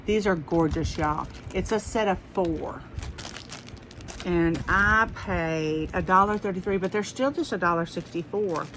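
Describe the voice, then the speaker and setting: A woman's voice: on the low side, a little slow, a bit bright, slight background noise, low-quality recording. A middle-aged woman with a Southern US accent, chatting casually and rambling through a haul video for her viewers. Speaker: haul vlogger.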